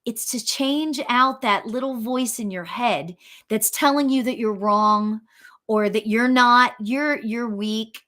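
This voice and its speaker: A woman hosting a casual live talk as a spiritual medium, chatty and encouraging, laughing easily and reading viewer comments aloud. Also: takes it slowly. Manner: animated, leaps in pitch, laughs often.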